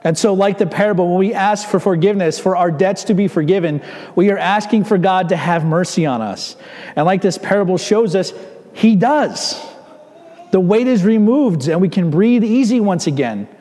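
Man, pastor, sermon, conversational asides, slightly high voice, long church-hall reverb. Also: a little fast, mellow. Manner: conversational, with rhetorical asides to the congregation.

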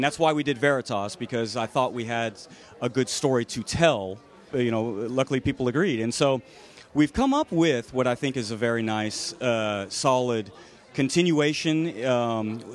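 A man guesting on an interview at a convention, talking eagerly and rambling about his fan film. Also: mid-range voice. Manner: eager, rambling, many fillers. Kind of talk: casual interview.

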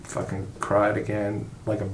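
A middle-aged man, a podcast guest, talking casually in a halting, profane way with many restarts. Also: on the low side, completely flat delivery, background noise. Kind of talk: casual conversation. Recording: roomy echo.

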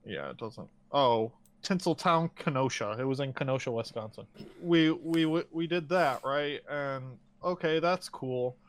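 A man's voice: medium pitch, measured pace. A man casually chatting about movies, swearing freely and acting out little quoted voices as he tells stories. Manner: profane, animated storytelling with quoted voices.

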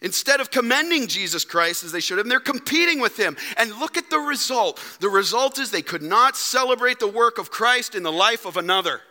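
A man preaching a sermon as pastor, dynamic, acting out quoted voices and swinging from loud to hushed. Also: very high-pitched, lively intonation, a little fast, few pauses. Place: church sanctuary. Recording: long hall reverb.

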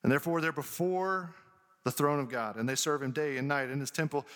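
A man's voice: a little high, fairly quick, a bit bright. A man preaching an earnest sermon as a pastor, reading scripture and explaining it to his congregation. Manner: earnest, preaching with rising emphasis. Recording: long hall reverb.

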